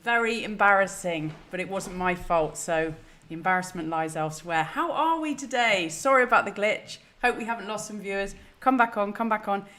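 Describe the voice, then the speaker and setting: A woman's voice: mid-range voice, moderate pace, few pauses, fairly bright tone. A woman hosting a live stream, chatty, flustered and self-deprecating. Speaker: host. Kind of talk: casual live-stream chat.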